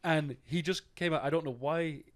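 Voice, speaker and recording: A man's voice: on the high side, fairly even intonation, normal speed. A man co-hosting a casual football podcast, chatty, laughing often and swearing freely. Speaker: podcast co-host.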